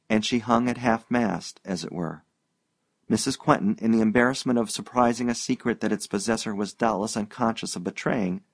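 A man's voice: fairly low pitch, gravelly, dry recording. Man narrating an audiobook, dry close sound.

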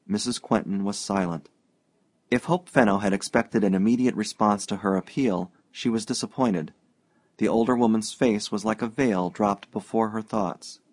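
A man narrating an audiobook in a steady, even-paced reading. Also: fairly low pitch, moderate pace, dry recording.

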